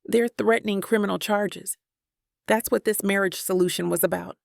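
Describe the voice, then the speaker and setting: A woman voicing a troubled wealthy man who speaks in a low, measured, pained way. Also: steady tone, gravelly, no room sound, studio quality. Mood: earnest.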